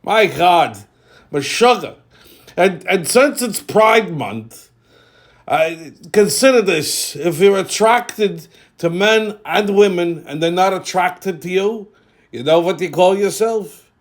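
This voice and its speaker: A man's voice: sits high, animated, slow pace, voice pushed up. A man voicing a brash, kvetching older Jewish comic character who wisecracks.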